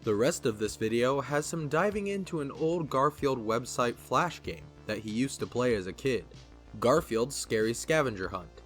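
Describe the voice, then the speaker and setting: Guy narrating a video essay, wry, pitch jumps all over, faint music under. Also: expressive, moderate pace, a bit bright.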